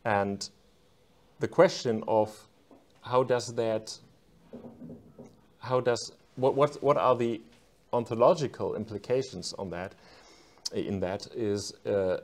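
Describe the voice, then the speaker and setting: A man discussing his own book in an academic conversation, careful and halting as he searches for words. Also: lowish voice, darkish tone.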